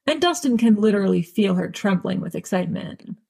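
A woman narrates a story in a wry, deadpan way. Her voice is gravelly and husky, and she sits at a middling pitch. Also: brisk. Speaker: audiobook reader. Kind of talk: fan audiobook narration.

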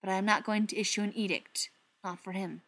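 A woman reads as a male leader of a vampire gang, firm and impatient, with a sharp edge to his voice. It is delivered as an audiobook in a mid-pitched voice. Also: fairly even intonation, fairly quick. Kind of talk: audiobook reading.

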